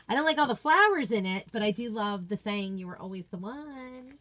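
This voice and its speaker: An enthusiastic woman hosts a casual unboxing chat from her home office. She gushes over each item and answers her viewers in a chatty, excited way. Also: medium pitch, fairly quick. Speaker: craft product seller and video host.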